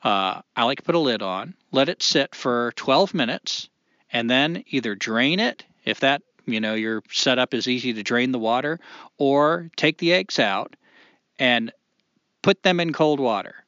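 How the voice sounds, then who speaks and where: A man's voice: medium pitch, a little slow, no echo, lo-fi sound. A man in his forties co-hosting a podcast, chatting casually in a rambling way with lots of fillers. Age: 40s. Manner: rambling, animated, many fillers. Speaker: podcast co-host.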